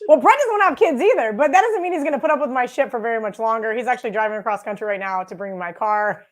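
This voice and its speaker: A young woman's brash, loose sports chat, pitched slightly high. She swears freely and pokes fun at herself while co-hosting a betting show from a home setup. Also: lively intonation, racing. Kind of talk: casual live sports chat. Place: home studio with green screen.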